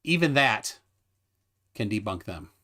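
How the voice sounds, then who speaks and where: A man hosting a casual live stream, joking and rambling with lively, laughing delivery. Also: lowish voice, slow pace. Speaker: livestream host. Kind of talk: casual livestream chat.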